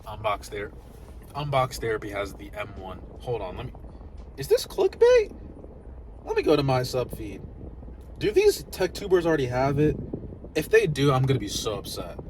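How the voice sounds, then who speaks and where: A young man vlogging casually about new laptops, swinging between loud excitement and mumbled asides. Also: medium pitch, normal speed, slight background noise. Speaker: tech YouTuber.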